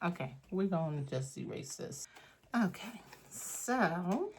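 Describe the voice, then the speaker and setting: Slow, chatty woman talking through a craft project. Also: on the low side, big pitch swings, breathy edge. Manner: chatty, self-talking, thinking aloud while crafting; slow, unhurried delivery with frequent pauses. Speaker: craft and journaling creator. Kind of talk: casual craft tutorial chat.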